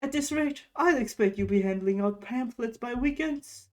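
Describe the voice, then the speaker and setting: A woman's voice: on the high side, moderate pace, a little mellow, pitched above the performer's own voice, natural voice. A woman voicing a haughty, sarcastic male talking book in a game, with a pompous, sardonic delivery.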